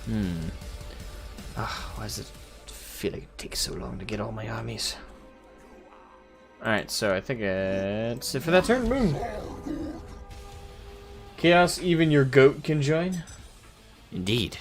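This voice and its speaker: A man's voice: mid-range voice, slow pace, long pauses, faint music behind. A man hosting a casual strategy-game let's play, mumbling and joking as he plays. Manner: playful, mumbling to himself while playing. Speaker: gaming channel host.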